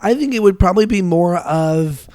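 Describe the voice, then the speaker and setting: Slightly high-voiced young man, playful co-host. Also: lively intonation, normal speed, dark tone. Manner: playful, agreeable, eggs on the jokes. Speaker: podcast co-host. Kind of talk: casual comedic podcast chat.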